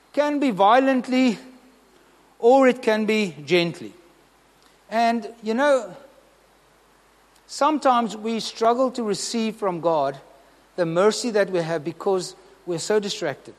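A man's voice: sits high, big-room sound. A man preaching a sermon, earnest and emphatic, asking the congregation questions.

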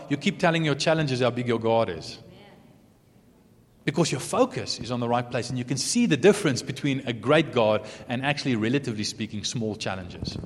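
Expressive man preaching in a reverberant hall. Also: medium pitch, a little fast, a little hiss or hum. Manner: earnest, expressive, occasional soft asides. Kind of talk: sermon.

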